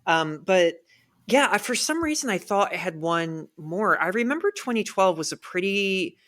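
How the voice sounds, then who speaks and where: Eager, bright-voiced man on a podcast. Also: high voice, moderate pace. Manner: eager, animated movie talk. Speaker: podcast guest. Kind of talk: casual podcast chat.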